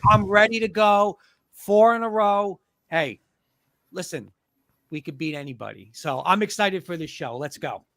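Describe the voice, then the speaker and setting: A man appearing as a guest on a fan sports stream, hyped and energetic, rallying everyone to cheer. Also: sits high, moderate pace, dry recording. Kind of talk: casual live-stream sports chat.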